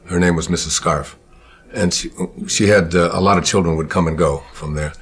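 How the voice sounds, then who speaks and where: Deep, husky-voiced man reminiscing. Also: steady tone, a bit bright. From Michigan, USA. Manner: unhurried, reflective, often pausing to search for words. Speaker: speaker recalling his childhood. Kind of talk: personal storytelling.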